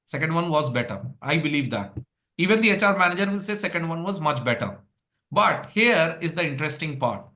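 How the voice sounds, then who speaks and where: High, bright-voiced coach. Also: male voice, a little fast. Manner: energetic, drills points with rhetorical questions and lists. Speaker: English speaking coach. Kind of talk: live workshop teaching.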